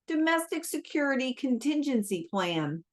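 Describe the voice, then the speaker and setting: A woman reading aloud, voicing a male government agent who has a slow Texan drawl. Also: sits high, big pitch swings, voice pushed up. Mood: dry.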